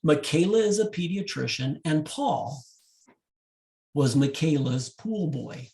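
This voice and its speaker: Gravelly slow-talking male wedding DJ. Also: a little high. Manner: animated storyteller, direct address. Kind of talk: storytelling presentation to couples.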